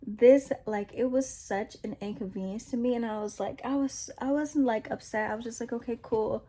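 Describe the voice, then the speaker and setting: A woman's voice: fairly high pitch, normal speed, warm tone. A woman in a casual vlog Bible study who retells scripture loosely in slangy, conversational words. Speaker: Christian vlogger sharing a Bible reflection.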